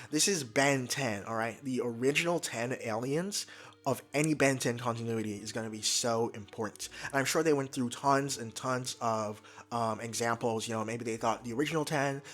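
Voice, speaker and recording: Young man, casual fan commentary, excited, stumbling over words, soft music underneath. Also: mid-range voice. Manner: energetic, fast, stumbles and restarts when excited. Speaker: YouTube commentator.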